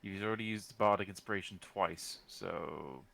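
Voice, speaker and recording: Very deep-voiced man at the game table. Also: normal speed, vocal fry, sharp tone, no echo. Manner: matter-of-fact, tracks rules. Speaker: player. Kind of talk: casual game chat.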